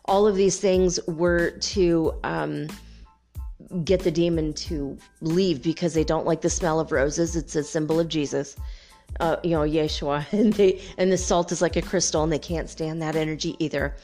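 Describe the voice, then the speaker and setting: A woman's voice: deep voice, moderate pace, faint music behind. Woman telling an intense personal story. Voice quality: emotional, animated retelling with laughs. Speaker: spiritual podcast host.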